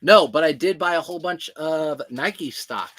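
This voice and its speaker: High-voiced man chatting on a livestream. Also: moderate pace, a bit bright. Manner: chatty, answers viewer comments as he talks. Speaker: clothing reseller hosting a livestream. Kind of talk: casual livestream chat.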